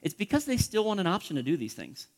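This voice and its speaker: A male pastor preaching with passion in a high, ringing voice. He acts out pleading prayers, rising to near shouts and sinking to hushed whispers. His sermon carries a long reverb from a large church hall. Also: huge pitch swings, quick pace.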